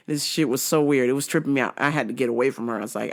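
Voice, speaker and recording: A woman's voice: extremely low pitch, rapid-fire, creaky, hardly any pauses. Profane, laughing woman storyteller. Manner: profane, animated, often laughing. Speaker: podcast host. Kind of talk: casual comedic storytelling.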